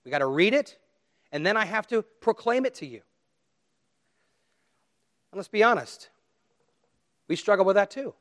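A middle-aged pastor delivering a sermon in an earnest, pleading way. His voice sits a little high for a man. He swings from loud, pressing emphasis down to quiet appeals. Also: very animated, normal speed, long pauses.

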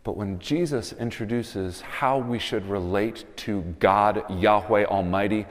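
Male pastor, 30s, low voice, reverberant sanctuary; storytelling sermon rising to emphatic calls. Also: a little slow. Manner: storytelling, building to emphatic appeals. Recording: long reverb of a church hall.

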